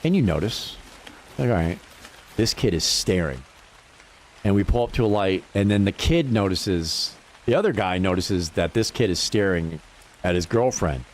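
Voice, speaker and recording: Animated swearing New guy. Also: deep voice, normal speed. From New Hampshire. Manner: animated storytelling, swears freely, laughs often. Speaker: livestreamer. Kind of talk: casual chat while gaming.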